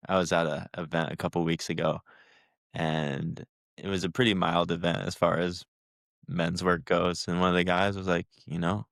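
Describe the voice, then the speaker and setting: A man's voice: sits low, flat delivery, moderate pace, creaky, fairly bright tone, no room sound, studio quality. A man on a podcast casually telling a short story.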